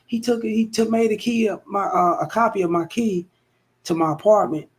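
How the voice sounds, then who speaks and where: A man's voice: sits high, fairly quick, pitched above the performer's own voice, natural voice. Man putting on a whiny, defensive young woman.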